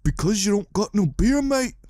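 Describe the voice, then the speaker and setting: A man voicing a boisterous old Irish bloke, a beer-loving spirit who possesses people, shouting his taunts in an Irish accent. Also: high voice, big pitch swings, moderate pace, faint music behind. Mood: rowdy.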